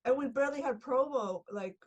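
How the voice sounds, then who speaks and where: A woman's voice: sits high, brisk, muffled recording. A young woman guest on a podcast, telling a story in casual chat, gushing and laughing with lots of filler words.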